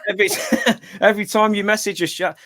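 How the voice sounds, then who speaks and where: A man's voice: high voice, fairly even intonation, brisk, fairly bright tone, no room sound. Chatty man host, dry close sound. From West Midlands. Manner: chatty, asks rambling questions. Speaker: interviewer, channel host. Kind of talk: casual interview.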